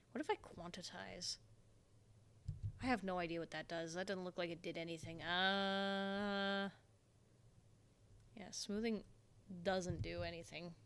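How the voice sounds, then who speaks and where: A woman's voice: lowish voice, fairly bright tone. Chatty young woman live-streaming. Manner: rambling, talks to herself while working, answers chat. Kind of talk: casual live-stream chat. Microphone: desktop microphone.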